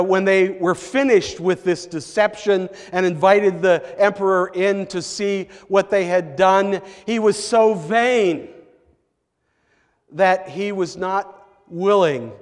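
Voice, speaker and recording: A pastor with a voice that sits high preaches a sermon, telling a story unhurriedly with emphatic rises. The long reverb of a church sanctuary surrounds him.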